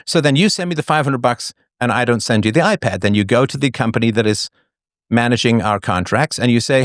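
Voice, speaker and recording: A man hosting a debate, explaining his views in a lively, argumentative way. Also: medium pitch, fast talker, dry recording, studio quality. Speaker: debate host.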